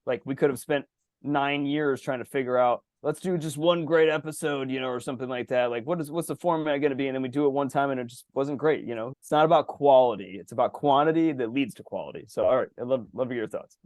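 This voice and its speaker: Animated, swearing man on a podcast. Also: mid-range voice, fast, no echo. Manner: animated, swears freely, acts out exaggerated reactions. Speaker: podcast co-host. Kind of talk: casual chat. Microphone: video call.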